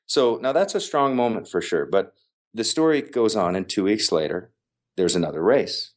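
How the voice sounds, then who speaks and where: Low-voiced man telling an emphatic story. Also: brisk. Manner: animated, emphatic, repeats phrases for effect. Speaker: podcast guest. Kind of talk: casual storytelling in conversation.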